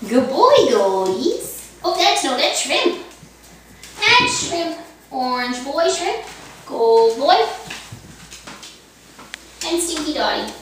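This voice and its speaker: A woman's voice: sits high, very animated, drawn-out words, long pauses, a bit bright. A woman talking baby talk to her puppies in a sing-song, coaxing way, filmed at home. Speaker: puppy owner. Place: home room with dogs. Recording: echoey room, from far, noisy.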